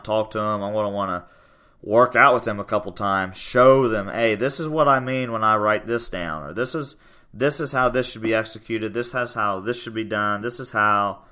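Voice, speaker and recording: Bright, clear-voiced male coach. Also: fairly low pitch. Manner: loud and excitable, bursts into yelling. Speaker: podcast host and strength coach. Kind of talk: casual podcast chat.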